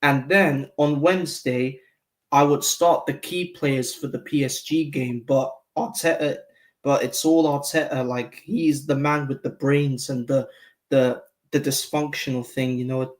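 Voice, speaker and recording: A man's voice: mid-range voice, fairly even intonation, unhurried. A man who is a regular guest on a fan show, giving frank opinions in a rambling way with lots of "like". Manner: frank, rambling, heavy use of "like". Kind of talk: casual opinion chat.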